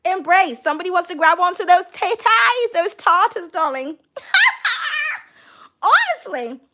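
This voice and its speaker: A British woman giving a casual tarot reading, brash and profane and quick to laugh. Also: extremely high pitch, very animated, heavy background noise. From United Kingdom. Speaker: tarot card reader.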